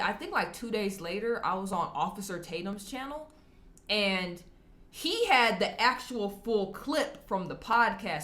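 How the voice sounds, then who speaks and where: A woman talking casually to camera as a vlogger answering viewer comments, chatty and candid, often laughing as she talks. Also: medium pitch. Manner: animated, acts out quoted people in shifting voices.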